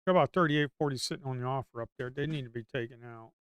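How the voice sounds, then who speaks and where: A man's voice: medium pitch, fast talker, fairly bright tone, clean tone, no room sound, dull audio. A man giving casual live commentary on his day trading, talking to the chart and coaxing the market along, sometimes cursing under his breath. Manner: talks to the screen, coaxing the market aloud. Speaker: livestream day trader.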